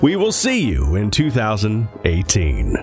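A man's voice: fairly low pitch, unhurried, over loud music. A man hosting a news podcast, giving an earnest, grateful holiday message to his listeners. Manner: earnest, grateful, lively delivery.

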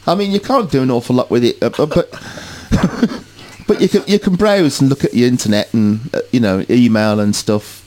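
A man's voice: mid-range voice, moderate pace, a little mellow, low-quality recording. A man chatting about tech, rambling and repeating words as he restarts. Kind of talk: casual tech chat.

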